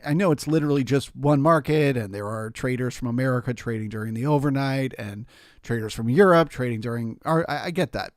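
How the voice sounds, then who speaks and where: Male stream host, mid pitch, casual chart explainer, dry booth sound. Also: no echo. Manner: explanatory, talks through charts with restarts. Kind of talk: live market commentary.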